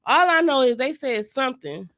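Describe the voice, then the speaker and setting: A woman co-hosting a casual chat show, telling her own story in a relaxed, plain-spoken way. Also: sits high, normal speed, no room sound, clean studio sound. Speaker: podcast co-host.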